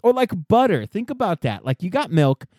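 Casting note: crude, laughing man trading wild stories in casual banter, slightly high, very lively pitch, dry close mic. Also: normal speed, dry recording. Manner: animated, crude, laughing storyteller.

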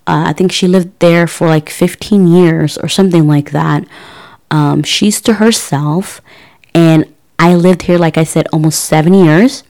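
A woman's voice: on the low side, fairly even intonation, a little slow, darkish tone. A woman in her thirties telling a personal story to her audience in a casual, chatty way, with many fillers and restarts. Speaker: podcast host.

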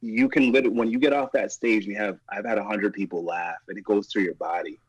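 A man who does stand-up comedy, speaking as a guest with an animated, emphatic storytelling manner and frequent laughter. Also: on the low side, brisk, husky, dry recording, lo-fi sound. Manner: laughs often, breaks into laughter mid-story; emphatic, repeats "you know what I mean".

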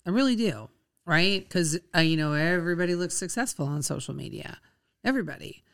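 A woman's voice: fairly low pitch, expressive, clean tone. A woman co-hosting a podcast in casual, playful chat. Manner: chatty, playful, quick to laugh. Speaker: podcast co-host.

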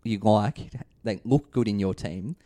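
Low-voiced man hosting casual chat. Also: measured pace, dark tone. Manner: chatty, leads the discussion, jokey asides. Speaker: podcast host. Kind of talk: casual fantasy sports chat.

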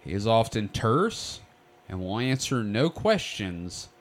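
Lively joking male podcast host. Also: fairly low pitch, slow. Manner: joking, animated storyteller. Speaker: podcast host telling the story. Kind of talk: casual storytelling chat.

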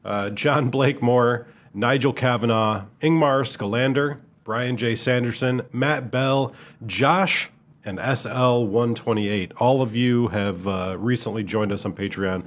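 A man co-hosting a podcast with a Midwestern American accent, talking in a relaxed, rambling, self-deprecating way. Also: medium pitch, unhurried. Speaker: podcast co-host. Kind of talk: casual chat.

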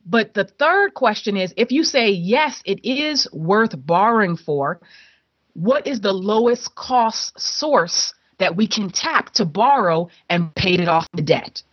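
Animated woman telling a money story. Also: mid-range voice, takes it slowly, slightly rough, no echo, dull audio. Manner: animated storyteller, laughs often, acts out quoted voices. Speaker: guest sharing a money story. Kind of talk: conversational storytelling interview.

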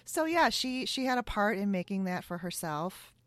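A woman's voice: mid-range voice, big pitch swings, moderate pace, a bit bright, no room sound, clean studio sound. A woman hosting a casual interview, enthusiastic and chatty, often saying "um" and "yeah".

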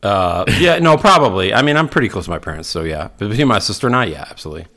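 A man's voice: lowish voice, expressive, racing, pushed and bright. A man in his forties co-hosting a casual chat, teasing bluntly and swearing. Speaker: podcast co-host.

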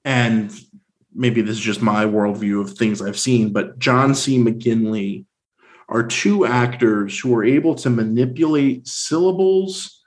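A man co-hosting a casual film discussion, talking with animated energy and dropping into silly voices. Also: medium pitch, a little slow. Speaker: podcast co-host.

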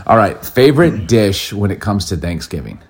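An enthusiastic man co-hosting a relaxed chat, his voice low and very lively as it rises and falls. He talks in an upbeat, chatty way from a bedroom in a rented holiday house. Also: normal speed. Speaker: podcast co-host. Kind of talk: casual chat.

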